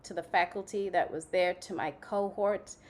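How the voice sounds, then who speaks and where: A young adult woman from Zimbabwe, a guest in an interview, telling her story in a chatty, animated way full of "like" fillers. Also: lowish voice, normal speed. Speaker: guest, playwright and actress. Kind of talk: casual conversational interview.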